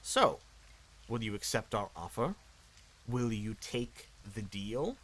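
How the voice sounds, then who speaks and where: A man voicing an ancient female demon queen in a raspy, slow and menacing voice. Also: fairly low pitch, big pitch swings, a bit bright, full character voice, low-quality recording. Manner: slow, drawn-out, looming delivery.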